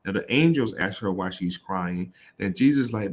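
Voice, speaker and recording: Guy with a lowish voice reading scripture and cracking on it, swears a lot. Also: normal speed. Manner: irreverent, animated, swears and laughs. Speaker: host. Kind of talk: casual commentary reading scripture aloud.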